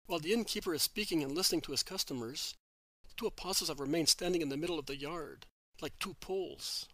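A man narrating a story in a steady, measured way, his voice bright and a touch high. The recording is close and dry, with no room sound. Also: no echo, poor audio. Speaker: audiobook reader. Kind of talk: scripted narration.

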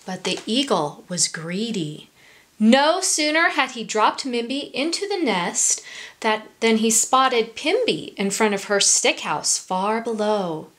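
Woman storyteller for kids, slow gentle read-aloud, higher voice. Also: very animated. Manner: gentle, with hushed whispered asides. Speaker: storyteller for children. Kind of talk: reading a picture book aloud.

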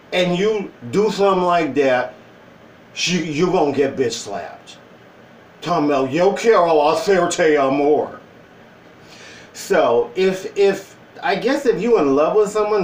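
A man's voice: fairly high pitch, a little mellow, reverberant, distant mic, slight background noise, poor audio. A man talking casually in a joking opinion vlog, with playful asides and put-on voices. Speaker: vlogger.

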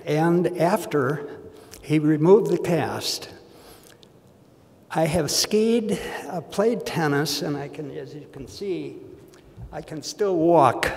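An older man tells a story at a slow, halting pace, full of fillers. His voice sits a little high, and a long hall reverb follows his words. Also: darkish tone. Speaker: longtime patient invited to speak. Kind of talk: spoken anecdote. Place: conference hall.

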